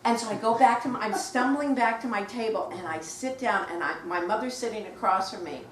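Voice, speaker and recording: Animated older woman telling stories in a room. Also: medium pitch, a little fast. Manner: animated, acts out quoted voices, laughs while telling. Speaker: guest author at a book talk. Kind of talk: anecdotal storytelling to a live audience. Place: bookshop event room. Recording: roomy, distant mic, faint noise.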